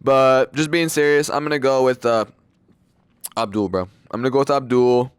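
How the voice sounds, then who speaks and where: A man's voice: medium pitch, fairly even intonation, moderate pace, smooth, dry recording. A young man giving casual, rambling fight predictions, loose and slangy, with lots of fillers and swearing. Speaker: MMA fight predictions channel host.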